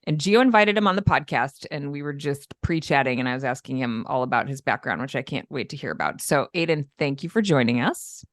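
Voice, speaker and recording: Low-voiced chatty woman from upstate New York. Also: expressive, brisk, few pauses, no room sound, clean studio sound. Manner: chatty, laughs often, uses "like" a lot. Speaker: podcast co-host. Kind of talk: casual podcast chat.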